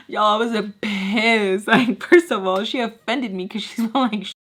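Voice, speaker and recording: Animated profane young woman telling a story. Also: fairly high pitch, takes it slowly, breathy edge. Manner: animated, profane, acts out quotes with shifting voices. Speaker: storytime vlogger. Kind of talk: casual storytime chat.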